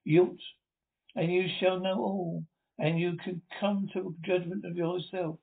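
A man's voice: sits high, level tone, unhurried, creaky. Commanding young man, read by a male narrator; tinny, lo-fi sound. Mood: urgent. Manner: urgent, commanding. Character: urgent young man, protective brother. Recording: tinny lo-fi recording.

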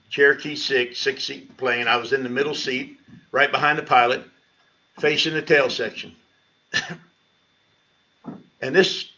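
Over lo-fi livestream sound, a middle-aged man who pastors a church shares how he came to faith during a Bible study. His storytelling is animated, and his voice leaps upward each time he repeats his own words.

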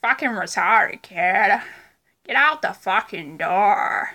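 A gruff, foul-mouthed Boston man, as a woman puts him on barks short, loud lines. The voice stays bright and pressed. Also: medium pitch, expressive, takes it slowly, heavily acted. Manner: loud, swearing, clipped barks.

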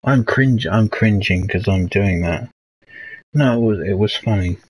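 A man's voice: fairly low pitch, unhurried, husky, low-quality recording. A young man hosting a casual late-night livestream, rambling and hesitant as he reads out chat messages. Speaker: livestream host.

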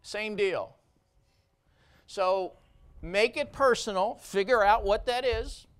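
A man's voice: high-pitched, slow pace, smooth. A man who is a surgeon giving a conference keynote speech, blunt and emphatic, driving points home with short repeated phrases.

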